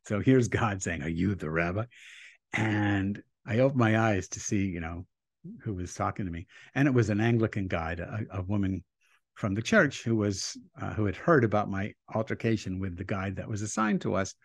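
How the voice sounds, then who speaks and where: Deep-voiced rabbi telling a story. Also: male voice, normal speed, no echo. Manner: animated storyteller who acts out quotes. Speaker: rabbi, interview guest. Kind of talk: storytelling in a conversational interview.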